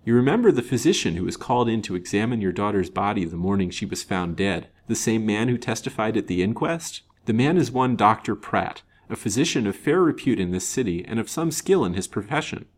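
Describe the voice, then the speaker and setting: Man reading self-assured detective, frank, earnest, fairly low voice. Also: expressive, brisk, hardly any pauses. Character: confident, shrewd male detective. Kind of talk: storybook reading.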